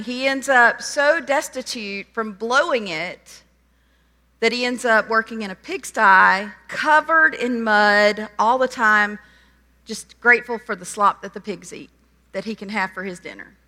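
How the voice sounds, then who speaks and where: A woman preaching a sermon, retelling a parable with animated storytelling and voiced quotes. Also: fairly high pitch, unhurried. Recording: long hall reverb.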